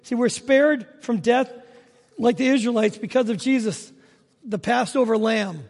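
A man's voice: extremely high pitch, a little slow, a little mellow, long reverb tail. A man preaching a sermon as pastor, telling stories in a chatty, joking way. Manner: conversational storytelling with humor.

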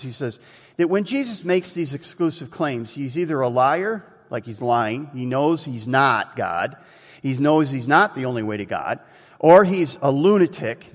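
Man, pastor, sermon, animated storytelling, reverberant hall. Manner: animated storytelling, jumps in pitch.

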